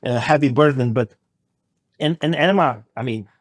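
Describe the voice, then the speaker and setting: A man's voice: mid-range voice, normal speed, dry recording, clean studio sound. A man from Romania guesting on a podcast, speaking hesitantly with many fillers and some jokes. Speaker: guest, family ministry worker. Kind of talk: casual conversation.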